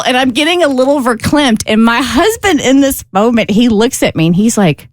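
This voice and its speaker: Gushing animated woman telling a story. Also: high-pitched, a little fast, few pauses, a loud crowd. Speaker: radio show co-host. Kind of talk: storytelling on morning radio.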